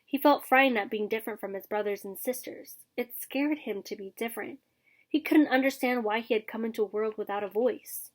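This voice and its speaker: A woman teacher reading a children's chapter book aloud for a lesson in a gentle, steady storytelling manner. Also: fairly high pitch, a little fast.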